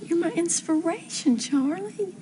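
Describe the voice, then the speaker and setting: An actress playing a sweet, doting young wife and would-be singer in a 1970s TV soap. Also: female voice, extremely high pitch, animated, unhurried, noisy background. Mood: soothing.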